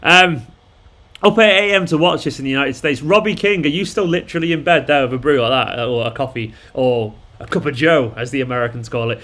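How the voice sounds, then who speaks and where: A Manchester-born fan channel host talks at a quick pace in a pushed, bright voice of medium pitch. He rambles casually through a live watchalong, taking viewers' messages as they come.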